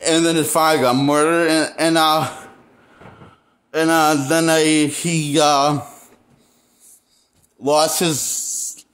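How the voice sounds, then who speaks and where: A man giving an unscripted movie review, rambling and halting, with many fillers and restarts. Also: on the high side, little pitch movement, a bit bright. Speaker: movie critic.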